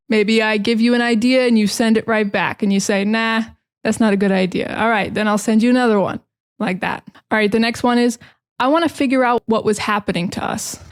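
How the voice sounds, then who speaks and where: Chatty American woman teaching English. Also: medium pitch. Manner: chatty, explains with everyday examples and laughs. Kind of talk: casual explanatory lesson.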